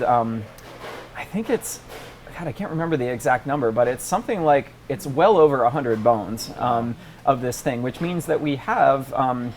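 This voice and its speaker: A man in his forties talks as an interview guest, thoughtful and halting, full of ums and restarts. His voice sits at an ordinary middle pitch. Faint noise hums behind him in a restaurant. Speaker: paleontologist guest. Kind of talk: casual interview chat.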